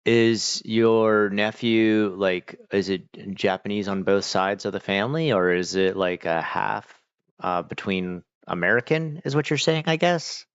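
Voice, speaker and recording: A man's voice: fairly low pitch, unhurried, clean tone, dry recording. A man chatting casually on a livestream, answering chat in a rambling, hesitant way with many fillers and restarts. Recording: dull lo-fi dry mic.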